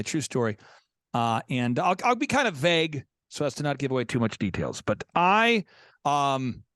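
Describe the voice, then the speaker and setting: A man's voice: mid-range voice, fairly bright tone, no room sound, studio quality. A man hosting a business coaching show, telling stories in an emphatic way and repeating words as he builds up a point. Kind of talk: animated storytelling.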